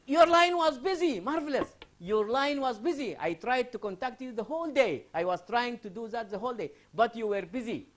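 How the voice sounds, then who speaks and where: A man's voice: very high-pitched, animated, a little fast, few pauses. A man from Sudan lecturing a class on English writing, asking students questions and repeating key phrases.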